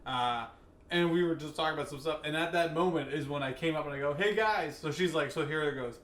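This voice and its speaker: A man's voice: on the high side, fast. Chatty man from Long Island. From Long Island, New York. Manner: chatty, animated storyteller. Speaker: co-host. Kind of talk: casual chat. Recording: echoey room, faint noise.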